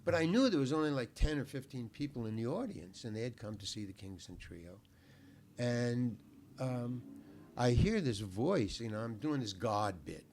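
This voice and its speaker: Older guy telling an old story, mid-pitched voice, rambles and repeats himself, swears casually. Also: lively intonation, moderate pace, darkish tone, slight background noise. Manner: rambling, repeats words while thinking; laid-back, salty language. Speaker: guest.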